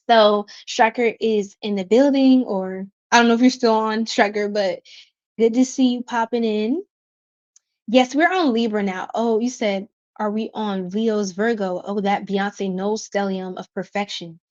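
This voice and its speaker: Reading viewer comments out loud and laughing a lot, this tarot reader chats with her livestream audience in a bubbly, casual way full of slangy asides. She has a mid-range, slightly mellow voice. The audio comes through as dull, lo-fi stream sound.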